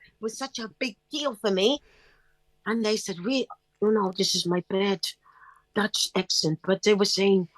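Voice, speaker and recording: A woman's voice: medium pitch, normal speed, no room sound. Chirpy upbeat woman chatting in dry sound. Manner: chirpy, upbeat, animated storytelling. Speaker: guest singer. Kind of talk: casual interview chat.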